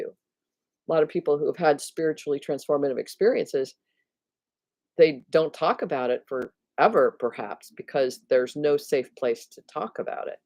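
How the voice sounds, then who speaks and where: A woman's voice: low voice, normal speed, a little mellow, no echo. A woman hosting her own videos on spirituality, talking casually and reflectively to her viewers, thinking aloud with restarts and often laughing at herself. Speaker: spiritual teacher and video host.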